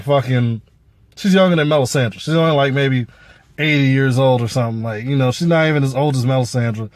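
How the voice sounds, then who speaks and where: A man's voice: mid-range voice, darkish tone, no echo. Profane, rambling man reviewing a show. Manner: loose, profane, rambling with fillers. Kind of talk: casual spoken review.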